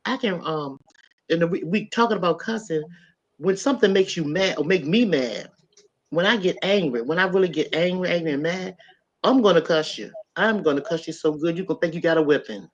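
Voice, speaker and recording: A middle-aged woman hosting a podcast, telling a story in an animated, emphatic way and talking straight to her listeners. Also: lowish voice, brisk. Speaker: podcast host. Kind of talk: casual storytelling chat. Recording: dull lo-fi sound.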